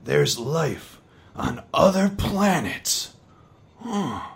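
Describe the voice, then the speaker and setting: A man's voice: a little high, sing-song, extremely slow, vocal fry, exaggerated voice. An actor playing a dim, dreamy male coworker with a dopey, musing delivery.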